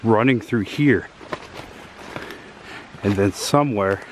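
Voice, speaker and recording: Low-voiced man vlogging outdoors. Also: slow pace, noisy background. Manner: enthusiastic, pointing things out as he walks. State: out of breath. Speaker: vlogger touring filming locations. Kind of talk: casual walk-and-talk narration. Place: outdoors in woods and by a lake.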